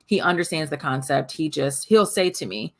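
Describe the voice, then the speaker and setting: Low-pitched gravelly woman chatting casually. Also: lively intonation, moderate pace. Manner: candid, chatty, often quotes her toddler in a high voice. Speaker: podcast co-host. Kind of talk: casual podcast chat.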